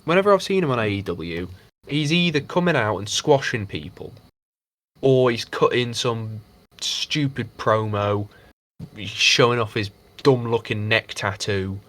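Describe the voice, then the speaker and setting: A man co-hosting a casual podcast, rambling and swearing freely as he mocks people with quick impressions. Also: fairly low pitch, fairly bright tone. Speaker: podcast co-host. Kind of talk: casual chat.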